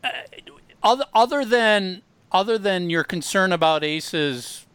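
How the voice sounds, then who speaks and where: A man's voice: sits high, animated, slow, a bit bright, clear, resonant tone, no echo. A man hosting a podcast, asking questions hesitantly with several restarts. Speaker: podcast host. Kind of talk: casual interview questions.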